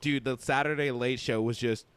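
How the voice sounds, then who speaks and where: Man, comedy podcast co-host, laid-back casual chat, low-key asides. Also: steady tone, normal speed, a bit bright, smooth, dry recording.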